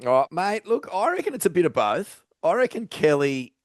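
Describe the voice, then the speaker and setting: A man's voice: sits high, very animated, moderate pace, no room sound, studio quality. An Australian man co-hosting a podcast in casual, agreeable banter. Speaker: podcast co-host. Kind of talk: casual chat.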